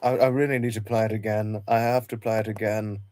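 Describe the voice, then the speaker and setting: A man hosting a casual livestream, reminiscing in a halting way, often repeating himself and restarting his sentences. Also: lowish voice, little pitch movement, darkish tone. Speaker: livestream host.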